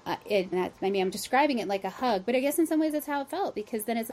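A woman's voice: a little high, expressive, quick pace, hardly any pauses, a little mellow. A woman hosting an interview, speaking reflectively and feeling her way through her words with frequent restarts. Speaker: podcast host. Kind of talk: casual interview conversation.

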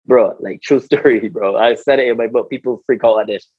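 A Barbadian man telling a story in an interview, animated and slangy and stumbling over repeated words. His voice is husky and mid-pitched. The sound is dull and dry, close to the mic. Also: a little fast, no echo. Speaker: interview guest, former cricketer. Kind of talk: storytelling in casual conversation.

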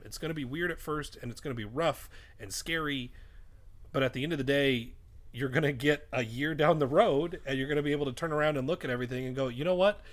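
Man, casual podcast chat, mid pitch, swears a lot, restarts sentences. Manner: rambling, swears often, self-interrupting restarts. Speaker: podcast co-host and editor. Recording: raw podcast mic.

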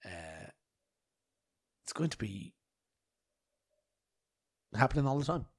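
A man's voice: mid-range voice, big pitch swings, takes it slowly, creaky, dry recording, studio quality. A man hosting a podcast, rambling and swearing with mock outrage and a bad cough. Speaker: podcast host. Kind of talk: rambling solo podcast chat.

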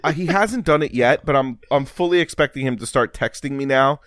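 A man's voice: medium pitch, fairly quick, dry recording, studio quality. A young man co-hosting a podcast, telling funny stories with lots of laughter and restarts. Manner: animated storyteller, laughs often, restarts lines. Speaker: podcast co-host. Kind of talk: casual storytelling.

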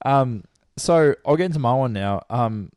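Brief: young male co-host, animated sweary storyteller, dry close mic. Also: mid-range voice, moderate pace, no room sound. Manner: swears freely, retells stories with mimicked voices. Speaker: podcast co-host. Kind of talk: casual crude banter.

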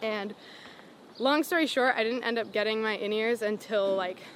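A young woman, a singer-songwriter, telling her story in a casual interview, full of "like" and "um" and animated retellings. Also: on the high side, moderate pace, a little hiss or hum. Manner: rambling, lots of "like" and "um", animated retelling.

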